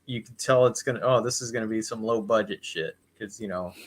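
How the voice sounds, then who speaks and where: A man's voice: on the low side, brisk. A man co-hosting a podcast, joking offhandedly in casual profane chat. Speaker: podcast co-host.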